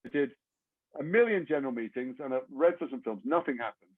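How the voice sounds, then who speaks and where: A man from England, an actor guest telling stories in a casual, lively way and slipping into the voices of the people in them. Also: mid-range voice, a little fast, no echo. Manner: lively raconteur who acts out the other people in his stories. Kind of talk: casual anecdote storytelling. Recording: dry, phone-like narrow audio.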